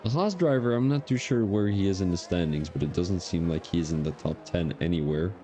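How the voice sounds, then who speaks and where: A man's voice: low voice, fairly quick, warm tone, a little hiss or hum. A man commentating a sim racing league qualifying session on a live stream, chatty and drifting into rambling personal asides between the lap calls.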